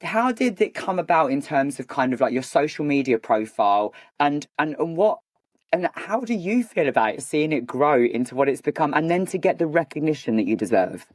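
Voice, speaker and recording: A man's voice: fairly high pitch, very animated, fairly quick, no room sound, clean studio sound. Stammering man hosting. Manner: stammering, repeats words as he starts. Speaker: podcast host. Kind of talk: casual interview chat.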